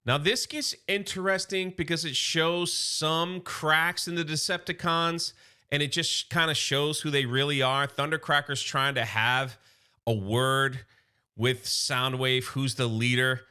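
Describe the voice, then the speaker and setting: A man's voice: on the high side, steady tone, unhurried, sharp tone, clean tone. A man casually retelling a comic book's story in his own chatty words, quoting the characters' lines as he goes. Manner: chatty retelling, voicing characters' lines, many "you know" and "he's like". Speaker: comic book reviewer.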